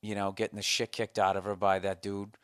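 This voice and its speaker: A man's voice: on the low side, a little fast, smooth, no room sound, clean studio sound. A man hosting a casual comedy podcast, ranting and telling stories with lots of swearing. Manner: profane, ranting, animated storyteller. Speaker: podcast host.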